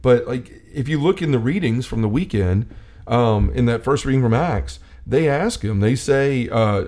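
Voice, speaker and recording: A man co-hosting a casual faith talk, speaking with animated energy and often acting out quotes. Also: mid-range voice, normal speed. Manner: animated, acts out quotes, many restarts. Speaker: co-host.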